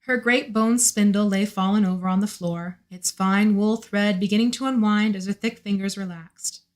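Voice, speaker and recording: On a live stream, a woman leisurely reads from a novel, pausing for conversational asides. She has a slightly hoarse, mid-range voice with a steady tone.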